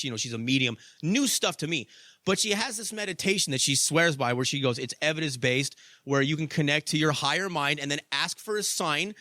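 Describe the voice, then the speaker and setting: Young male host, fairly high bright voice, dry close sound, animated storyteller who drops into low asides. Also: no room sound. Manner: animated, profane, swings from loud excitement to low asides. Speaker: podcast host. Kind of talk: casual storytelling monologue.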